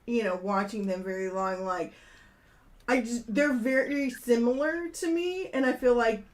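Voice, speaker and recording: Higher-voiced woman sharing candid takes. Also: a little slow. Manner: candid, defends her own takes. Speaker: podcast co-host reading chat. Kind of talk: casual wrestling chat.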